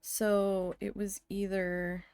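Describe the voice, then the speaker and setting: A woman streaming a building game, telling a story in a casual, venting way with a lot of swearing, and muttering quietly to herself while she builds. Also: mid-range voice, flat delivery, slow, clear, resonant tone, no room sound. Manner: chatty venting with frequent swearing.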